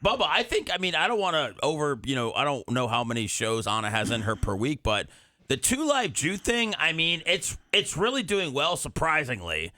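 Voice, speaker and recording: A man's voice: a little high, huge pitch swings, normal speed, sharp tone, no echo. Hesitant man in studio banter. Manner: hesitant starts, then plain explaining. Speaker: show co-host.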